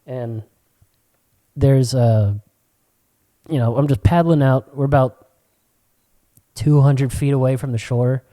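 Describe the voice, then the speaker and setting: A young man co-hosting a podcast, telling stories in casual chat with a lot of swearing and sudden high-pitched quoted voices. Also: fairly even intonation, slow pace, pauses often, warm tone. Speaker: podcast co-host.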